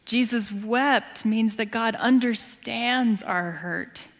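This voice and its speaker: A woman pastor preaching a sermon in an earnest, expressive storytelling manner, dropping to a hushed voice at tender moments. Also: a little high, slow pace. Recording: long hall reverb.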